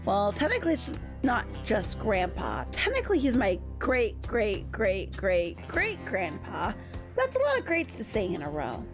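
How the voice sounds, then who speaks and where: A woman's voice: medium pitch, huge pitch swings, a little slow, music in the background. A woman voicing a composed young woman with a wry, matter-of-fact way of talking in a game read-aloud.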